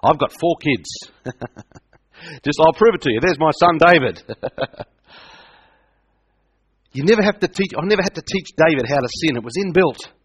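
A man's voice: a little high, lively intonation, moderate pace, pauses often, husky. A middle-aged man preaching a sermon. He hammers his points home by repeating them and keeps asking his listeners questions. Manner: emphatic, repeats points, asks the audience questions.

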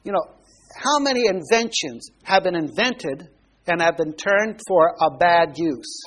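A man's voice: sits high, expressive, a little slow, a bit bright. A man preaching a Bible sermon, explaining verses and asking his listeners questions. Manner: explanatory, asks the congregation questions. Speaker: pastor.

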